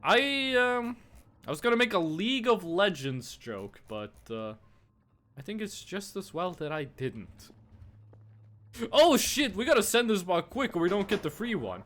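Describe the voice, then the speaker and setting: A man's voice: high voice, sing-song, unhurried, a bit bright. A young man streaming a game, chatting playfully with his chat and teasing them while he plays.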